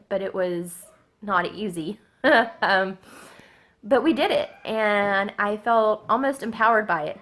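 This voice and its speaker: A woman, telling a personal story in a halting way, with many fillers and restarts. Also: medium pitch, a bit bright. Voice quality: gravelly. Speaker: vlogger.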